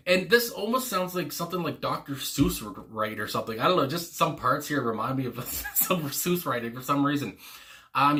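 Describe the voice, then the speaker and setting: Man, casual music reaction commentary, rambling with fillers and restarts, bright forceful tone. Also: a little high, expressive, a little fast. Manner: rambling, frequent fillers and restarts, chuckling asides. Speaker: music reaction channel host.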